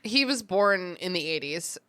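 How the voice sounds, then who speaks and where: A woman's voice: on the low side, lively intonation, measured pace, a bit bright. A woman co-hosting a podcast in casual chat, laughing often and swearing as she recaps a book. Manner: laughs often, swears, slips into quoted voices. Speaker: podcast co-host.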